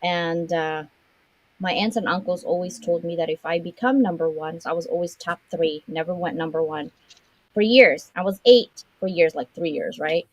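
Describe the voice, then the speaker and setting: A middle-aged woman from the Philippines, telling a personal childhood story in an animated way and acting out the quotes. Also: on the low side, normal speed, rough recording. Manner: animated, acts out quotes, laughs. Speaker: guest sharing a life story.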